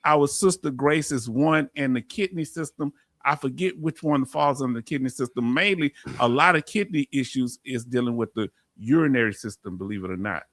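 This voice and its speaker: A man's voice: mid-range voice, moderate pace, few pauses, fairly bright tone, no echo. Southern US male host, casual, reads viewer comments aloud, calls people "brother", dry mic. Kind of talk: casual livestream chat.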